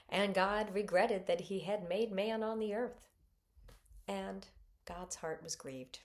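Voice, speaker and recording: A middle-aged woman giving a spoken scripture reflection, expressive and earnest, acting out quoted voices with sudden lifts. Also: mid-range voice.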